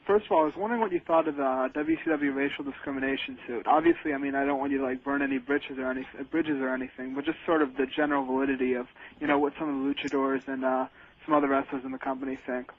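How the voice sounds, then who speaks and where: A man's voice: mid-range voice, steady tone, rapid-fire. A man calling in to a radio show, asking his questions eagerly and hedging with fillers. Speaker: caller. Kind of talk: call-in question. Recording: tinny phone line.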